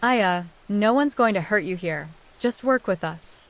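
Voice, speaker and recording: A woman's voice: medium pitch, expressive, a little slow. A woman reading as a guarded young man. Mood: calm.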